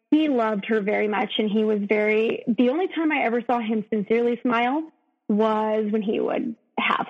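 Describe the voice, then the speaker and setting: A woman telling her own story as a podcast guest, earnest and emotional, often breaking off and restarting. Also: on the high side. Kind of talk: candid personal storytelling in an interview. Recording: dull, lo-fi sound.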